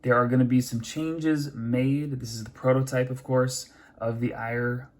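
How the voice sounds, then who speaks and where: A man's voice: mid-range voice, level tone, measured pace, a little mellow. Chatty young man reviewing gear. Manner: chatty, with many fillers and self-corrections. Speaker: knife reviewer. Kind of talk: casual product review.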